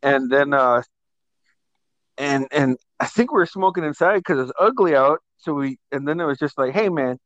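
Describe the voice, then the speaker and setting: A man with a slightly raised pitch spins rowdy stories from the past, cursing casually and chuckling between lines. The sound is close and dry, with no room echo. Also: moderate pace, muffled recording. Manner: profane, animated storytelling with laughter. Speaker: host. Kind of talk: casual storytelling chat.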